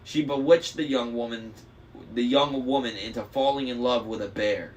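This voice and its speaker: A man voicing a smug young male traitor demigod, smooth, mocking and persuasive. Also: medium pitch, moderate pace, close to an everyday voice. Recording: faint noise, slightly distant mic.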